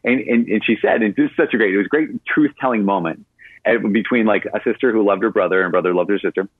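Catholic priest, male, lower-pitched and somewhat breathy, responding to a caller on air, narrowband broadcast sound. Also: fast talker, no echo. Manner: conversational storytelling with frequent fillers. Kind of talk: answering a caller on a radio show.

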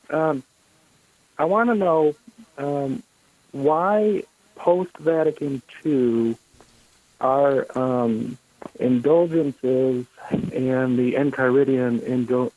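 Slow, halting male radio caller. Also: mid-range voice, darkish tone, no room sound, low-quality recording. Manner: hesitant, halting. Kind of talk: phoned-in question. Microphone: phone line.

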